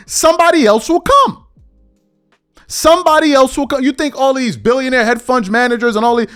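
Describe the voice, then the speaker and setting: A man hosting a podcast, delivering an exasperated opinion rant full of repeated rhetorical questions. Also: very high voice. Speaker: podcast host.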